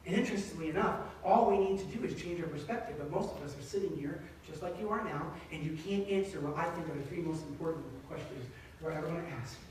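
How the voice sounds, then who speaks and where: A man in his thirties, a pastor, preaching a conversational, animated sermon. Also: a little high, quick pace, few pauses, slight background noise. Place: church sanctuary. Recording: echoey sanctuary, distant mic.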